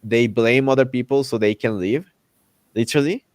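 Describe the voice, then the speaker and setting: A man hosting a casual chat, ranting in an animated way and acting out characters' lines with exaggerated voices. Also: medium pitch, normal speed, no room sound. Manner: loose, repetitive restarts while ranting. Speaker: podcast host.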